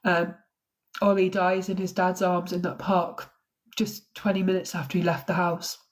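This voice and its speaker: A woman's voice: on the low side, level tone, normal speed. An English woman recounts a true crime case on a live stream, speaking emotionally and close to tears. Her delivery is informal and conversational, and she breaks off now and then to greet and thank her viewers. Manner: emotional, tearful, thanks viewers while telling the story.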